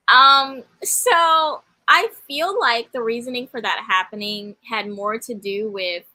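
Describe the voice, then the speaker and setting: A woman co-hosts a wrestling podcast in relaxed, teasing chat. Her voice is bright and fairly high for a woman. The sound is close and dry. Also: slow, few pauses, dry recording, poor audio. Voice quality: teasing, laughing, easygoing. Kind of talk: casual chat.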